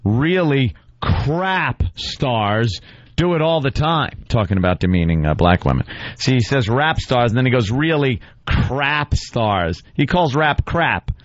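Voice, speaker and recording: A radio co-host reads a blog aloud and mocks it sarcastically, his medium-pitched voice moving in a sing-song way at a measured pace. The audio is dull, with no echo.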